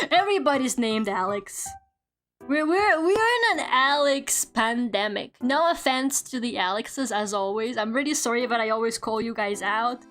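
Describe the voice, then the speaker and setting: A woman's voice: fairly high pitch, expressive, a little slow, fairly bright tone. A woman streamer chatting casually while she draws, rambling, swearing often and laughing a lot, at a home desk microphone.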